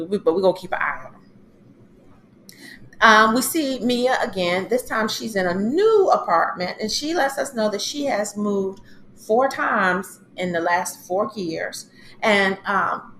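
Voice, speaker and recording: A woman hosts a casual TV recap on her own, chatty and lively. She acts out the quotes as she retells each scene. Her voice sits in a roomy, echoing space with a light hiss behind it. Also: medium pitch. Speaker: TV recap host.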